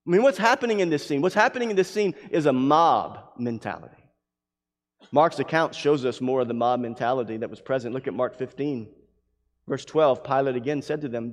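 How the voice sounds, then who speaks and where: A man preaching a sermon who reads scripture aloud and swings from loud, emphatic lines to hushed ones. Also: mid-range voice. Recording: long hall reverb.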